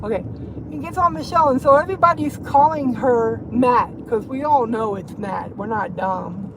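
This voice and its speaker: A woman's voice: a little high, moderate pace. A woman gossiping on a casual livestream from her car, swearing and rambling as she drives. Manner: profane, rambling, laughing. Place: inside a car, driving. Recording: road noise behind.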